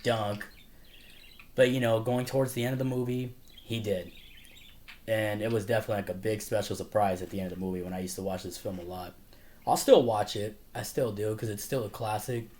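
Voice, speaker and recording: A man's voice: lowish voice, a little mellow. A man casually talking through a favorite movie, rambling with lots of fillers and frequent laughter. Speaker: movie reviewer. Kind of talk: casual movie review monologue.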